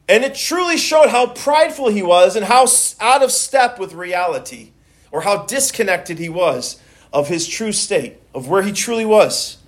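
A man's voice: sits high, lively intonation, normal speed, a bit bright. A male pastor preaching a sermon in a conversational way, often restarting and repeating words as he goes.

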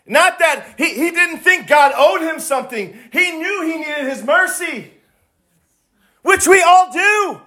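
A man preaching a sermon, reading scripture and building from quiet, low passages to high, shouted cries. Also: lively intonation, takes it slowly.

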